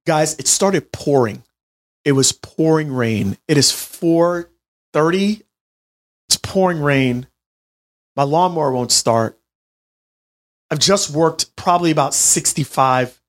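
A man in his late twenties telling a personal story in an animated, chatty way, talking straight to his listeners. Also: medium pitch, a little slow. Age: 20s. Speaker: healthcare business owner. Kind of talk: storytelling monologue to an audience.

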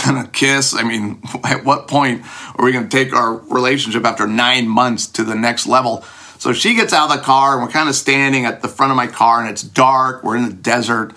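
A man telling a personal story in a self-deprecating, animated way, jumping his voice up high to act out what he and others said. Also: moderate pace. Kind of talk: personal anecdote told to an audience.

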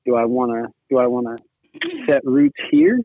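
A man's voice: mid-range voice, huge pitch swings, normal speed, gravelly. A man talking casually as a guest, rambling with lots of "you know"s. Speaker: guest, sibling-in-law. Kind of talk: casual conversation. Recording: tinny phone-like line.

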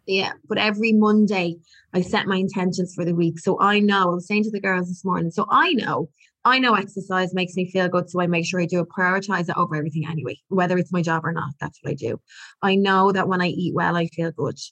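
A woman's voice: fairly low pitch, fairly even intonation, fast talker, a bit bright. Earnest reflective woman, guest. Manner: earnest, reflective, with frequent restarts. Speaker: podcast guest. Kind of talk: candid conversational interview.

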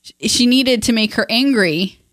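A woman co-hosting a casual book-discussion podcast, retelling scenes in halting, chatty talk full of fillers and restarts. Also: fairly high pitch, fairly bright tone, dry recording, clean studio sound. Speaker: podcast co-host and parent.

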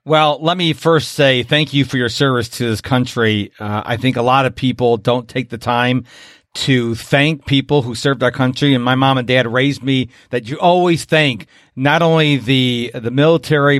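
A man's voice: mid-range voice, a bit bright, dry recording, studio quality. A man from upstate New York hosting a podcast, chatty and upbeat as he interviews a guest. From Rochester, New York. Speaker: podcast host.

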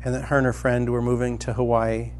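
A middle-aged man preaching a sermon as a pastor, telling a personal story and climbing to loud, excited emphasis. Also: medium pitch, a little fast, a little hiss or hum.

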